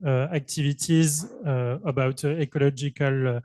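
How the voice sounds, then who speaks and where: A man with a French accent speaks on a discussion panel as a researcher and youth worker. His voice sits at a middle pitch and he hesitates often, filling pauses with sounds. The recording is dry, with little room echo. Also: steady tone, mellow. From Brittany, France. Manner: hesitant, many filler sounds, self-conscious.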